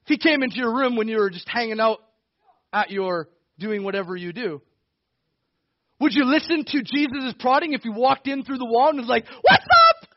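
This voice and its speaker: A man preaching a sermon in a lively, conversational way, with bursts of shouting and frequent laughs. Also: sits high, dry recording, dull audio. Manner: conversational, with laughs and self-corrections. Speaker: pastor.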